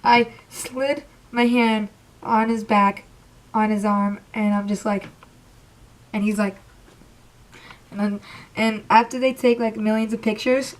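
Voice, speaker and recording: A young woman telling an excited, rambling storytime about meeting her idols, emotional and close to tears. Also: a little high, slow pace, pauses often. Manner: gushing, rambling, says literally a lot. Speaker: vlogger.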